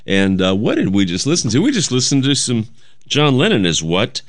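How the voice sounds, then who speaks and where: A man's voice: mid-range voice, sing-song, normal speed, dry recording, studio quality. A man hosting a radio music show, chatting loosely between songs and reading notes aloud. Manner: rambling, chatty, self-correcting. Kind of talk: casual radio chat. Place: radio studio. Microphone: studio mic.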